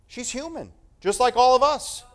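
A male preacher delivering a sermon, emphatic and animated, repeating phrases for effect. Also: extremely high pitch, normal speed.

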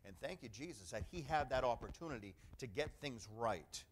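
There's a little hiss or hum as a middle-aged male pastor preaches, animated and a little fast. His voice sits at an ordinary pitch for a man, and his conversational, emphatic sermon is dotted with "amen" calls and repeated phrases.

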